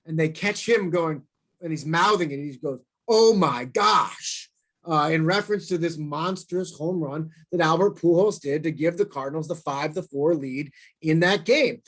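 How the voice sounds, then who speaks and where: A man from St. Louis giving a storytelling talk, animated and self-deprecating, acting out quoted lines in bursts. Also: on the high side. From St. Louis, USA.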